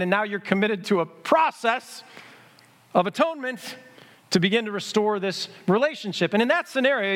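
A man's voice: high voice, fairly bright tone. A middle-aged male pastor giving a conversational sermon, acting out quotes and leading the congregation in responses. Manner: conversational preaching with acted quotes and audience prompts.

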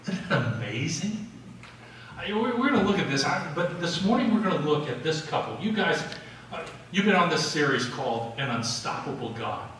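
A man preaching a sermon, telling it in a conversational, animated way with frequent restarts. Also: on the high side, moderate pace, a little hiss or hum. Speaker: pastor. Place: large church sanctuary. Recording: echoey hall recording from far off.

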